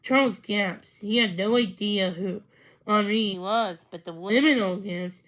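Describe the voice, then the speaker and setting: A woman reading a children's book aloud, narrating slowly, carefully and expressively. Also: mid-range voice, a bit bright, low-quality recording. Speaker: storybook reader.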